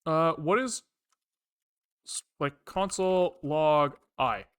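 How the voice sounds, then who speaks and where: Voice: medium pitch, takes it slowly, clear, resonant tone. A programmer on a live coding stream, thinking aloud while typing and often swearing in frustration at the code.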